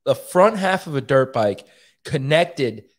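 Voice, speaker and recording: A man's voice: medium pitch, animated, slow. A man hosting a podcast, telling a story in a casual, profane and self-mocking way. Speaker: podcast host.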